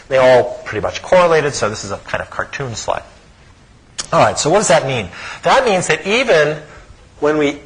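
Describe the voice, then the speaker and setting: A middle-aged man, a psychology professor, giving an animated lecture with chuckling asides and frequent "okay?" check-ins. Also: mid-range voice, poor audio.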